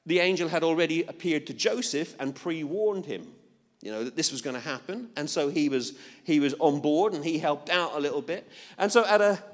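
Chatty preacher man in a reverberant hall. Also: fairly high pitch. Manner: conversational, animated, playful asides. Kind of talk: sermon.

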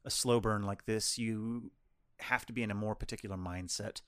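A man's voice: lowish voice, moderate pace, clear, resonant tone. A man co-hosting a film review podcast, chatting casually and rambling through anecdotes. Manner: rambling storyteller, lively and chatty. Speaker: podcast co-host reviewing films. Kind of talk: casual chat.

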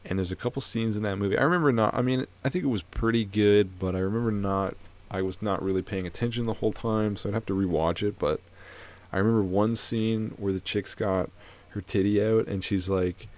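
Low-voiced young man, swearing podcast host. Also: brisk. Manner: animated, swears a lot, laughs often. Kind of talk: casual chat.

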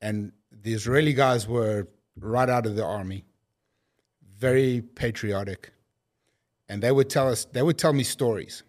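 Man, South African accent, relaxed rambling storyteller, medium-pitched voice. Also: a little slow. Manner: relaxed, rambling, frequent restarts. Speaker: guest. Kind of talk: casual conversational storytelling.

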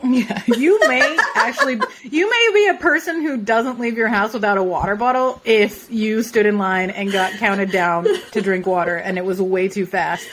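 Playful woman co-host who pokes fun at herself; middle pitch, faint hiss behind. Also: normal speed, few pauses, a bit bright. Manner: playful and self-mocking, laughs often. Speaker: podcast co-host. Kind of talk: casual podcast chat.

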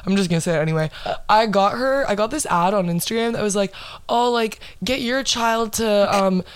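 A young woman hosting a casual podcast chat, animated, laughing often and swearing freely. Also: medium pitch, brisk, clean tone, no echo. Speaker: podcast host.

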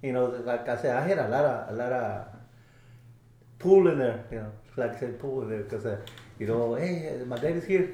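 A man whose first language is Spanish tells stories in English, pausing and restarting as he searches for words. His voice is mid-pitched. It rings in a roomy space. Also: dark tone. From Mexico. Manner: halting, many fillers and restarts. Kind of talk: casual storytelling.

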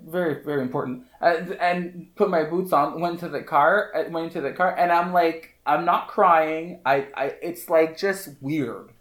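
A man, a hairstylist guest on a podcast, telling a story in an animated, casual way, full of fillers and repeated phrases. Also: fairly high pitch, moderate pace, hardly any pauses. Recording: roomy echo.

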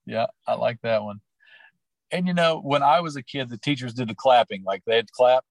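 A man's voice: medium pitch, moderate pace, vocal fry, dry recording. A man who teaches and coaches, talking casually in an interview about his classroom, rambling with lots of fillers. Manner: chatty, storytelling, lots of fillers.

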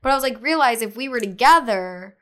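A woman's voice: fairly high pitch, fairly quick, clear, resonant tone. A young woman as a podcast guest, telling a story in casual chat, full of "like" fillers and acting out what people said. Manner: animated retelling with many "like" fillers, acting out quotes.

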